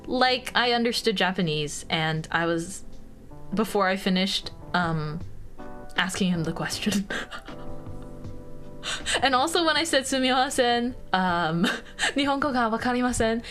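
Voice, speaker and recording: A woman's voice: mid-range voice, a bit bright. A young American woman streaming casual chat, bubbly and giggly, with lots of fillers. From United States.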